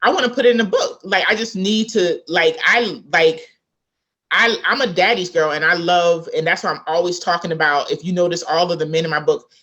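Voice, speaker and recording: In a muffled recording, a woman with a lowish voice speaks briskly. She's an author from South Carolina, a guest in a casual interview, animatedly relating a family tale and imitating the people she quotes.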